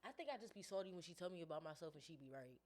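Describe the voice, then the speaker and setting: Fast-talking woman podcast host. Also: low voice, lively intonation, darkish tone. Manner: laid-back slang, quick asides, playful storytelling. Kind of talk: casual chat.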